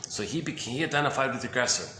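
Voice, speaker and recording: Racing along in a sharp-toned, medium-pitched voice, a video host gives a loose, casual talk on psychology. He thinks out loud, restarts frequently, and the audio has roomy echo plus faint hiss.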